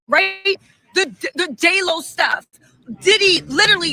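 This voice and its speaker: A woman's voice: very high-pitched, expressive, moderate pace, sharp tone, soft background music, low-quality recording. A woman hosting a casual live stream, chatting animatedly, reading out viewer messages and firing off emphatic rhetorical questions.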